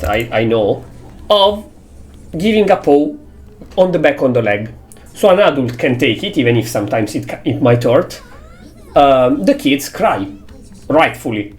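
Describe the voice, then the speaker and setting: A man's voice: medium pitch, darkish tone. A man, a streamer talking casually to his chat in an exasperated, heavily swearing rant.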